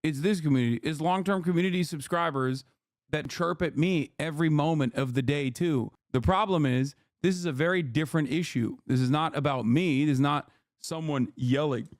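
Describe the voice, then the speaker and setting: A man's voice: a little high, normal speed, dry recording, clean studio sound. A man streaming live, ranting at his chat in exasperated, profane commentary as he reacts to a video. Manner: scolding his chat directly.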